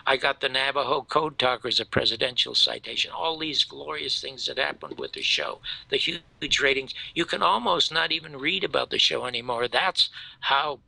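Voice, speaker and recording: An older man telling stories in casual chat, animated, jumping from loud outbursts to hushed asides, with a gravelly voice. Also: medium pitch, moderate pace, no echo, low-quality recording. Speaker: show host telling stories.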